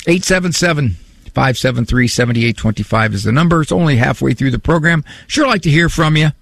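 A man's voice: medium pitch, a little fast, gravelly, fairly bright tone, no echo. A man hosting a radio call-in show, talking loosely and repeating himself as he goes. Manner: rambling, repeats words, chuckles at own story. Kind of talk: conversational call-in talk. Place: radio studio. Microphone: studio mic.

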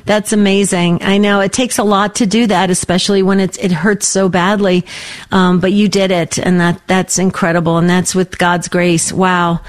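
A woman's voice: on the low side, level tone, moderate pace. A woman hosting a call-in radio show, affirming and encouraging her callers.

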